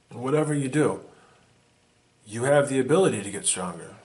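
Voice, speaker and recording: A man's voice: mid-range voice, expressive, moderate pace, pauses often, a little mellow. A man giving a blunt, swearing motivational monologue to the camera as a vlogger. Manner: intense, profane, emphatic.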